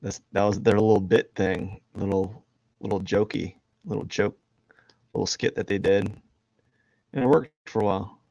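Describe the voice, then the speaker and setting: A man's voice: fairly low pitch, fairly even intonation, normal speed, creaky, a little mellow, no room sound, muffled recording. A man chatting casually on a live drawing stream, rambling and jokey, laughing at himself. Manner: rambling, jokey, self-deprecating, laughs a lot. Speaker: streaming artist. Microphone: headphones and desk mic.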